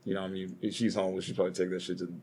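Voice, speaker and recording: A man's voice: low-pitched, completely flat delivery, rapid-fire, a little mellow, a little hiss or hum. A young man co-hosting a casual podcast, rambling and swearing as he argues and tells stories. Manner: profane, rambling, heated storytelling. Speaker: podcast co-host.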